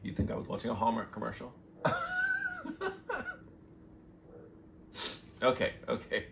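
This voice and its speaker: A man doing a casual tarot reading to camera, gushing and excitable about each card. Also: medium pitch, very fast, creaky. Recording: noisy background hiss.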